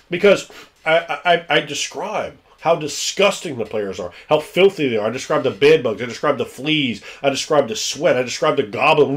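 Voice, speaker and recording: A man who runs tabletop games, chatting casually and telling stories animatedly, acting out scenes and swearing freely. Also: on the high side. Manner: animated storyteller who acts out scenes, profane. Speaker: tabletop game master. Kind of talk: casual chat.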